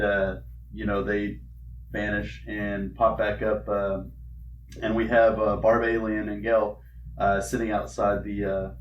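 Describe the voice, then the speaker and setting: Low-voiced man rambling off-mic. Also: recorded from a distance, highs cut off. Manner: rambling, filler-heavy and profane. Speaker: podcast co-host. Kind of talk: casual comic book recap. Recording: roomy and off-mic with faint noise.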